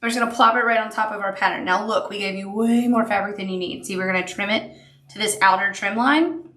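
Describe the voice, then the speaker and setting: A woman's voice: medium pitch, quick pace, fairly bright tone. A woman giving a chatty, upbeat sewing tutorial while she works. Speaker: sewing instructor. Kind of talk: crafting tutorial. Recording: echoey room.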